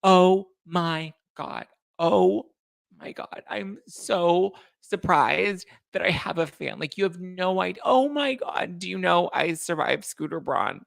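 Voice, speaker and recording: A falsely modest young pop starlet gasps and gushes in drawn-out, high squeals, as a man puts her on. Every word is stretched slow. A gravelly rasp peeks through, and the sound is close and dry. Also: expressive, fairly bright tone, dry recording, full character voice. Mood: mock-shocked. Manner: breathless, drawn-out gasps of surprise.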